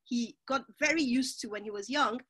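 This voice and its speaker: A woman's voice: on the high side, normal speed, husky. A woman hosting a podcast, chatting casually and telling stories animatedly. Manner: animated storyteller, laughs often. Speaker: podcast host. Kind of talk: casual conversation.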